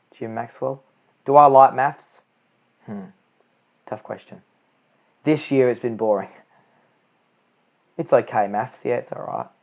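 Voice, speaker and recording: A teenage boy talks his way through a cricket match in a loose, rambling way, fixing his words as he goes. His voice has a gravelly fry, and the recording is dull and lo-fi. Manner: rambling, self-correcting, low-key. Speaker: amateur cricket commentator. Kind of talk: homemade live audio commentary.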